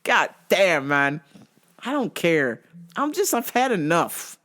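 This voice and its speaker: A woman hosting a show, telling a comic story in a profane, animated way and laughing often. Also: lowish voice, slow pace. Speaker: host.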